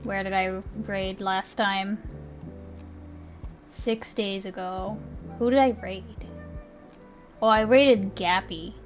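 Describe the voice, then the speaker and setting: A woman's voice: medium pitch, fairly even intonation, slow, long pauses, soft background music. A young woman streamer chatting casually with her viewers. She rambles, laughs often and swears easily. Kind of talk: casual live-stream chat.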